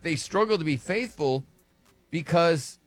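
Man, podcast co-host, casual chat, lively, dry sound. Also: fairly high pitch, unhurried, no room sound, faint music behind. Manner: animated, jokes in an old-timey voice.

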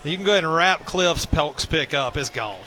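Color man, bright and slightly high, dry wit, faint outdoor hum behind. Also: lively intonation, brisk, soft background music. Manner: wry, joking about his losing pick. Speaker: color commentator. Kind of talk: baseball color commentary.

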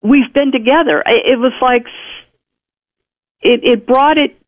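This radio guest's voice sits high and moves a little slowly. In conversation, they tell a chatty personal story and act out what others said, all through muffled radio sound.

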